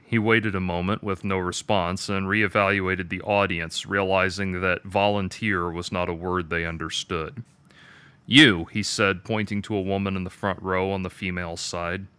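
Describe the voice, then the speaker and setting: A man reading his own dark story aloud with a measured, detached delivery. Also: sits low, little pitch movement, clear, resonant tone, dry recording. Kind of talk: dramatic story narration.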